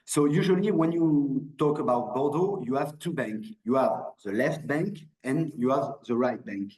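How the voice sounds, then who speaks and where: A man's voice: medium pitch, animated, moderate pace, darkish tone, reverberant, poor audio. A man with a French accent giving an online wine presentation, hesitant, with many restarts and fillers. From France. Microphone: video call.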